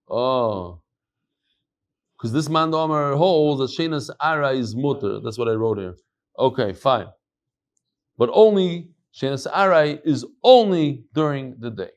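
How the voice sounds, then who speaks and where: A middle-aged man, a rabbi, giving an animated Talmud lecture, moving between quoted Aramaic and chatty English asides. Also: mid-range voice, creaky. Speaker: rabbi teaching a daily Talmud class.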